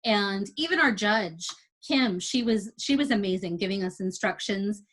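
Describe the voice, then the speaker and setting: A woman's voice: mid-range voice, normal speed. Chatty woman telling a story. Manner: chatty, animated retelling with quoted dialogue. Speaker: first-time amateur athlete. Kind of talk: casual storytelling.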